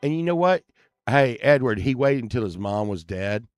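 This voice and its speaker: A man's voice: medium pitch, expressive, moderate pace, soft background music. A man streaming, telling casual, rambling, profane stories full of fillers and restarts.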